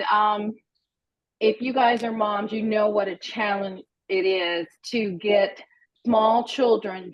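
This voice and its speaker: A middle-aged woman telling a personal story in a casual, animated, self-deprecating way. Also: medium pitch. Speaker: guest storyteller. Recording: dull lo-fi sound.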